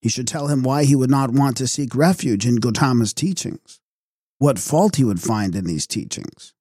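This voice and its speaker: A man narrating a novel as an audiobook in a calm, measured way. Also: mid-range voice, no room sound, clean studio sound. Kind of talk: audiobook reading.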